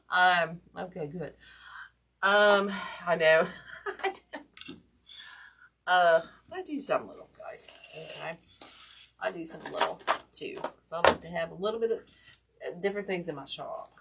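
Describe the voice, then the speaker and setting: A woman's voice: fairly low pitch, slow, gravelly, pauses often, fairly bright tone, slight background noise. A woman, chatting casually to viewers while demonstrating a craft project live. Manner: chatty, talks to viewers directly, self-deprecating. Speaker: wreath-making class host.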